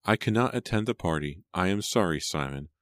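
Man doing a woman mystic, dreamy and insistent, raised pitch, dry close recording, audiobook reading. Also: lively intonation, normal speed, no room sound. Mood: otherworldly. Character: woman mystic, entranced, proud spirit-follower.

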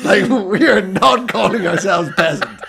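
An Irish man co-hosting a comedy podcast, telling stories in a lively way and laughing through his lines. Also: sits high, measured pace, vocal fry, crowd noise. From Ireland. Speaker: podcast co-host. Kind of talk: comedic storytelling chat.

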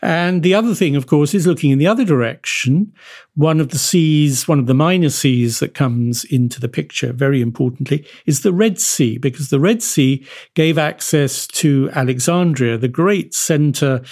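A man's voice: a little high, a little mellow. Man explaining history at length. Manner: measured, discursive explanation with asides. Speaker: historian guest. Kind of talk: podcast interview, explaining history.

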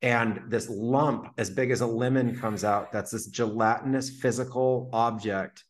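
A man's voice: medium pitch, steady tone, unhurried. A man being interviewed as a podcast guest, telling a long personal story casually with lots of "like" fillers. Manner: vivid retelling full of "like" fillers.

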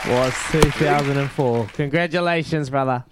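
A man's voice: medium pitch, normal speed, over a noisy crowd, heavy background noise. Upbeat New radio host, man. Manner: upbeat, matey banter with callers. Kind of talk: radio phone-in quiz.

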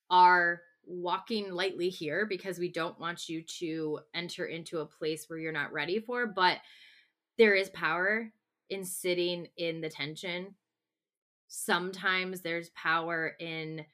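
Woman podcast co-host, somewhat low voice, bright tone, earnest, gentle, restarts often. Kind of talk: casual podcast talk.

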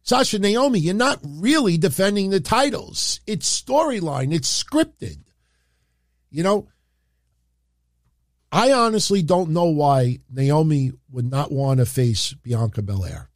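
A man's voice: on the high side, lively intonation, slow pace, no echo. Opinionated New York man, dry sound. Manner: rambling and opinionated, many filler phrases. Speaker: wrestling commentary streamer. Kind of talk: casual opinion talk on a livestream.

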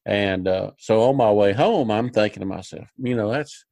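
Low-voiced man telling a folksy story. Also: moderate pace, vocal fry, a little mellow, dry recording. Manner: folksy, rambling, many fillers and restarts. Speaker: podcast host. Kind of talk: casual storytelling chat.

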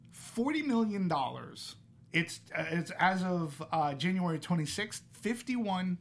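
A man hosting a casual movie review chat, talking in an animated way with sarcastic asides. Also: a little high. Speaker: podcast host.

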